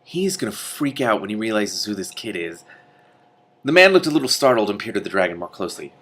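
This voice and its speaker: A man reading a novel chapter aloud and breaking in with excited commentary. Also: lowish voice, a little fast, slightly rough. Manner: enthusiastic, exclaiming reactions. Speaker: reader with commentary.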